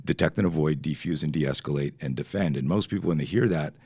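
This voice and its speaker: A middle-aged man from Canada, a self-defense instructor telling stories as a podcast guest, animated and swearing freely while acting out quoted dialogue. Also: extremely low pitch, fast talker, slightly rough, no room sound, clean studio sound. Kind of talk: podcast interview storytelling.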